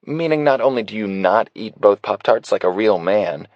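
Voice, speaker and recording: A man's voice: fairly low pitch, animated, normal speed, dry recording, lo-fi sound, pitched above the performer's own voice, lightly acted. A man voicing a sassy young woman bartender. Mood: teasing. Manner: teasing, exasperated. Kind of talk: audiobook character voice.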